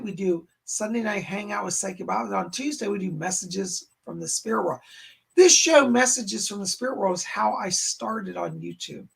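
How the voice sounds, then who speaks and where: A hoarse man hosts a psychic live stream. His voice sits high for a man, with a gravelly, husky edge. He chats exuberantly and casually and refers to himself in the third person. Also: fairly bright tone. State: hoarse, clearing his throat. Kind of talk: casual live-stream chat greeting viewers.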